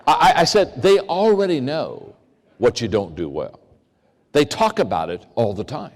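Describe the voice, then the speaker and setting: At a moderate pace, an older man gives a leadership keynote built on stories, voicing the characters with dramatic pitch swings and lots of animation. The sound carries the long reverb of a big hall.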